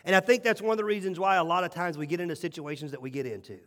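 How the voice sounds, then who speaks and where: A male pastor preaching a sermon with animated, emphatic storytelling and repeated phrases. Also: sits high, racing. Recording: long hall reverb.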